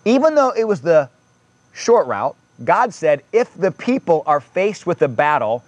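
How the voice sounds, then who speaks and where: A man's voice: on the high side, very animated, measured pace, dry recording. A man preaching a sermon in a conversational way, reading scripture aloud and adding casual asides. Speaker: pastor.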